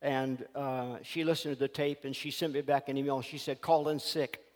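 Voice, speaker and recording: A man preaching a sermon, telling stories in a folksy, animated way before a scripture reading. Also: mid-range voice, a little fast. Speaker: pastor. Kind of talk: sermon with storytelling. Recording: reverberant church hall.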